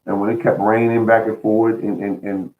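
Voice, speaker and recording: A man with a fairly low voice talks through gardening advice in a folksy, earnest manner. He repeats words and restarts his sentences as he goes. The sound is thin and tinny, like a phone line. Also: little pitch movement, fairly quick, slight background noise. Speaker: host of a home gardening show. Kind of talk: casual spoken gardening advice.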